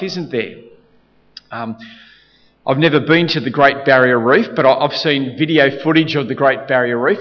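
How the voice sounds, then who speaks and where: A man's voice: fairly high pitch, a bit bright. A man preaching a sermon, earnest and repetitive, often restarting his sentences to press a point. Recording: dull reverberant hall sound.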